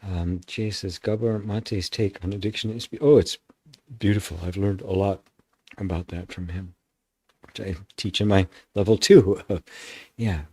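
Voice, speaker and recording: A man's voice: sits low, steady tone, unhurried, warm tone, slightly rough, dry recording. A man hosting a live open forum as a spiritual teacher, musing through answers to chat comments with frequent restarts and a tag of "right?". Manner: musing, stops and restarts, often adds "right?".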